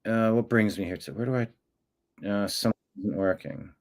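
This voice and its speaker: A man's voice: fairly low pitch, normal speed. A man hosting a live-stream show, muttering to himself as he fixes settings and breaking into profane, confrontational demands aimed at a commenter. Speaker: livestream show host.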